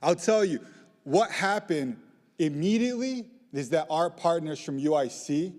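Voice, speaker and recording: A young man giving a lively lightning talk, joking with the audience and pushing them into call-and-response. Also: on the high side, unhurried. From southeast side of Chicago. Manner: playful, rallying crowd call-and-response. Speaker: community organizer speaker. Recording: reverberant hall, live talk.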